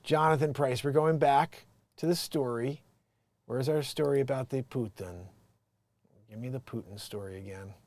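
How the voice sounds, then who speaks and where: This is a man running a loose, casual livestream, thinking out loud as he goes. His voice sits at a middling pitch and keeps sliding between quiet, almost whispered mumbling and sudden loud excitement. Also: normal speed, no room sound. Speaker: livestream host.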